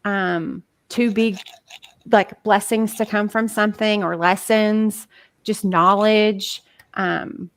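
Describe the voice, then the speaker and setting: A woman's voice: mid-range voice, steady tone, slow pace, no echo. A woman talking casually on a podcast as a guest coach, chatty and full of filler words. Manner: chatty, many "like" fillers, acts out inner voices.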